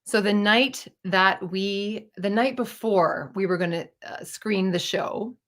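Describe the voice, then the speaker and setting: A woman's voice: medium pitch, slow pace, fairly bright tone. A woman in her fifties telling a personal story in a candid, digressive way, swearing casually as she goes. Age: 50s. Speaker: storyteller and playwright.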